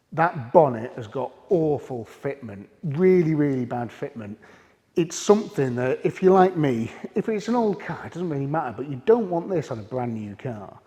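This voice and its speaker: A British man with a slightly husky voice gives a casual, candid car review. He talks in a chatty, unpolished way and restarts sentences mid-thought. His voice trails off into a long reverb. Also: medium pitch, lively intonation, moderate pace, dark tone. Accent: British English. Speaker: car vlogger.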